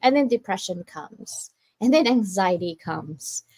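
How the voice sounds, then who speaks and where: Animated woman in casual chat. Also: medium pitch, measured pace, no echo. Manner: animated, acts out voices of others. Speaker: podcast host.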